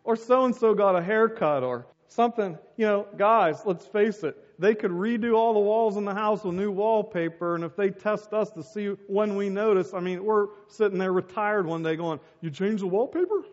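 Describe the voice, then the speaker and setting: High-voiced preacher in an echoing hall. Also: male voice, normal speed, few pauses, lo-fi sound. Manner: storytelling with acted-out voices. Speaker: pastor. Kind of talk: sermon.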